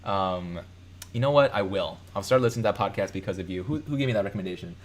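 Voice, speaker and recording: A Chicago man with a low, animated, fast voice hosts a live stream, reading viewer comments aloud. His delivery is loose and rambling, packed with fillers and self-corrections.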